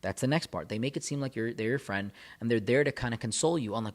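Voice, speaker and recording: A man coaches the viewer about relationships in a direct advice talk. He leans on repetition and builds toward forceful points. His pitch sits in a middle range. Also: animated, fast talker, hardly any pauses. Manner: emphatic, repetitive, builds in intensity.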